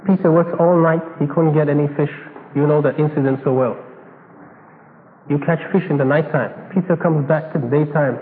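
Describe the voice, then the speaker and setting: A male preacher giving a sermon, animated and full of rhetorical questions and acted-out dialogue. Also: fairly high pitch, moderate pace. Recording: tinny echoey hall recording, faint hiss.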